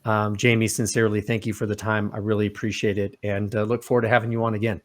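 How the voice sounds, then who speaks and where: A man's voice: on the low side, flat delivery. Polite man hosting. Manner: polite, appreciative, quick sign-off. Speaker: interview host. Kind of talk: interview wrap-up.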